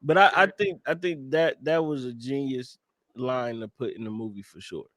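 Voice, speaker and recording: In a casual movie-review chat, a male podcast co-host with a mid-range, fairly bright voice talks emphatically at a moderate pace, swearing a lot and repeatedly saying "you know what I'm saying." The studio-quality recording has no echo.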